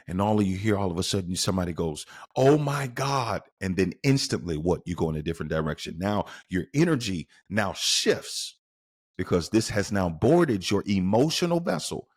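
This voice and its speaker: A man's voice: low voice, darkish tone, slightly rough. A man hosting a podcast, delivering an emphatic motivational monologue full of rhetorical questions to the listener. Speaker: podcast host.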